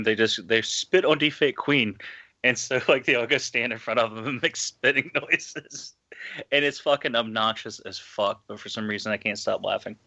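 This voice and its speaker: A man's voice: mid-range voice, sharp tone, dull audio. A man co-hosting a casual podcast, telling a rambling story and laughing as he goes. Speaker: podcast co-host. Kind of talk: casual group chat.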